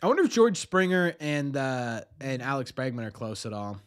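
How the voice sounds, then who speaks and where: A man's voice: medium pitch, very animated, normal speed, few pauses, clean tone. A young man streaming a baseball watch party, switching between a mock announcer voice and chatty asides to his viewers. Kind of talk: casual livestream commentary.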